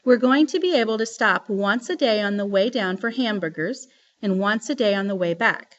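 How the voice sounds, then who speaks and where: A woman voicing an organized mother reading out a travel plan, calm and matter-of-fact, on a dull lo-fi recording. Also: medium pitch, normal speed, lightly acted.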